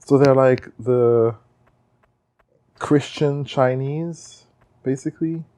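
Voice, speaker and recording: A man's voice: mid-range voice, slow, dark tone. A man joking around in casual commentary over a video game, playful and easily amused. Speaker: co-host, let's play commentator.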